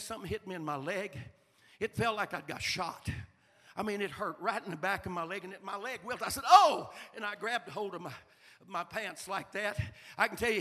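Middle-aged male preacher, bright tense voice, folksy sermon storytelling that builds to shouting, in a reverberant sanctuary. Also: high voice. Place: church sanctuary. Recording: long reverb of a large hall.

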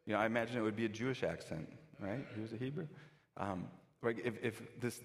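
A man's voice: fairly low pitch, animated, fast talker, big-room sound. A pastor giving a conversational sermon, often restarting his sentences.

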